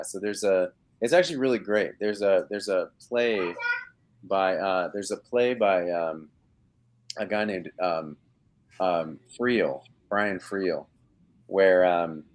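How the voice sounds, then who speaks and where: Here the actor, a man in his thirties, speaks low and at a measured pace. Calling in from home on video for a relaxed live interview, he rambles and keeps restarting, dropping in lots of fillers.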